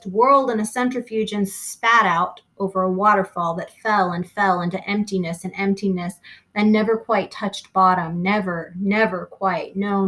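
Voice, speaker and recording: A woman reads a novel aloud with expressive delivery. She slows down and lingers on key phrases. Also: mid-range voice. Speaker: reader.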